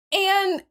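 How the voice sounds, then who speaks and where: A young adult woman co-hosting a podcast, casually recapping a movie with lively quoted voices and the odd swear word. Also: very high-pitched. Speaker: podcast co-host.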